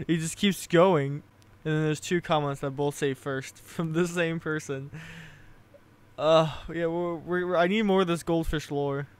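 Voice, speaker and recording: A man's voice: a little high, fairly even intonation, a little slow, clear, resonant tone. A young man making a casual comedic vlog and reading his own writing aloud, giggling at himself often. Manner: giggly, self-amused, restarts.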